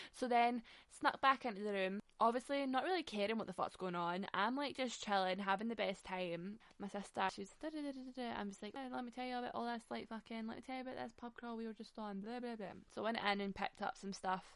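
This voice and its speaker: A young woman tells a story in a loose, chatty monologue, swearing freely and laughing often. Her voice has a gravelly, creaky edge. The sound is close and dry, with no room echo. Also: medium pitch.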